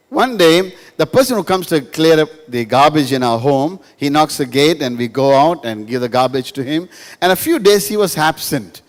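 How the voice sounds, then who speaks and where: A male pastor, giving a humorous sermon to a live audience in a school hall, telling stories and repeating lines for emphasis. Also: a little high. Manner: storytelling with jokes, emphatic repetition. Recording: reverberant hall.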